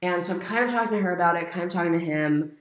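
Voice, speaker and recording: Low-voiced chatty young woman. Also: rapid-fire. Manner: candid and chatty, leans on "like" and "you know". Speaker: guest telling a personal story. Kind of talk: casual chat. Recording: roomy echo.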